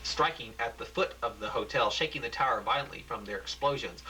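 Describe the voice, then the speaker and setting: A man narrating a homemade script, reading haltingly with restarts. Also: medium pitch, sharp tone, slight background noise, rough recording.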